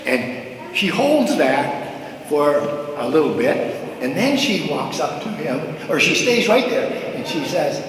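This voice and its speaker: A man preaching a sermon, telling a story with lively gestures and often checking in with his listeners. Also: on the high side, takes it slowly, a crowd in the background. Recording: echoey hall, mic far off.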